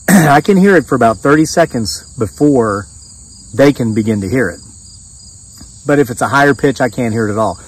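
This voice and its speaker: A man's voice: mid-range voice, distant mic, poor audio. A middle-aged man telling a rambling story as a homesteading vlogger, with restarts and bits of quoted dialogue. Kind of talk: casual storytelling monologue. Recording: voice set back from the mic.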